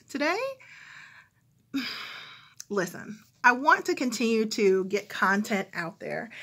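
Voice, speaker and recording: A woman vlogger with a General American accent, talking casually and reflectively to her viewers, pausing with frequent ums. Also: a little high, a bit bright. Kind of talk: casual talk to camera.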